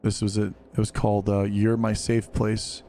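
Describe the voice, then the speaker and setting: A man's voice: fairly low pitch, monotone, normal speed, mellow, a little hiss or hum. A man streaming a game and chatting casually with viewers, laid-back, slangy and blunt. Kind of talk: casual live-stream chat.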